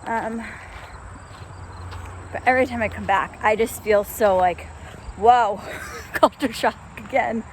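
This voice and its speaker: A woman's voice: on the high side, slow pace, long pauses, slight background noise. A young woman from upstate New York chatting casually to her camera while she walks a country road, amused and laughing at herself. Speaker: vlogger. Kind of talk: casual vlog narration.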